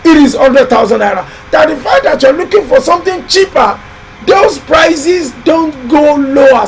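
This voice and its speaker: A man hosting a live building-advice show, talking in a loud, emphatic, exhorting way with lots of repetition. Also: very high-pitched, a little hiss or hum, low-quality recording. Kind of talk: live-stream motivational talk.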